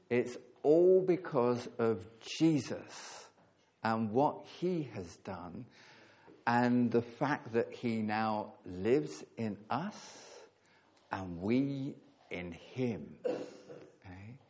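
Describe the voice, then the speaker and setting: A man preaching a sermon, earnest and emphatic, leaning hard on key words with pauses between phrases. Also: mid-range voice.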